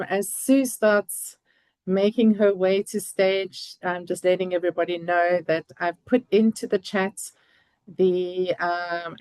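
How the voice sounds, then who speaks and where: A woman hosting an online event, introducing the next speaker in a halting way with many restarts. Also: on the low side, darkish tone, dry recording, low-quality recording. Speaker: event host.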